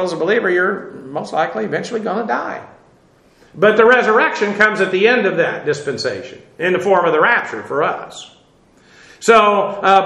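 Speaking in a bright, high-pitched voice, this Bible teacher works through scripture one verse at a time. He keeps it conversational, leaning on lots of filler "uh"s and wry side comments to listeners, while the space around him echoes.

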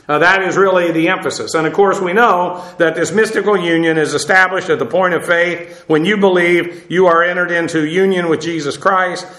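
A man's voice: on the high side, sharp tone. Man teaching scripture in an echoey room. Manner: measured, explanatory, frequent "uh" fillers. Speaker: Bible teacher. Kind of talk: sermon.

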